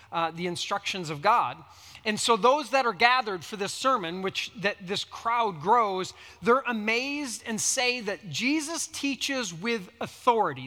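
A man delivers a sermon in a high, bright voice, taking his time as he teaches in a conversational way and reads scripture with drama. His words ring out with a long reverb from a large hall. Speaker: pastor.

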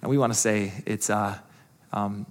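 A man's voice: fairly low pitch, fairly even intonation, moderate pace. A man preaching a sermon to his congregation, earnest and conversational, asking rhetorical questions. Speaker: pastor.

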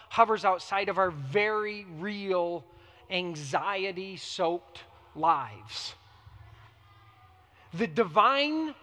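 High, bright-voiced male preacher in a hall. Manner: dynamic preaching, swinging between hushed and emphatic. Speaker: pastor. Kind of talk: sermon.

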